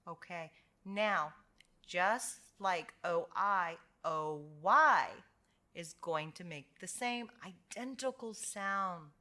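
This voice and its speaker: An American woman teaching English pronunciation, drawing out sounds slowly and praising each try. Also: mid-range voice, expressive, pushed and bright. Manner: slow, patient, drawn-out sounds for repetition; encouraging praise after each drill. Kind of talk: slow phonics lesson.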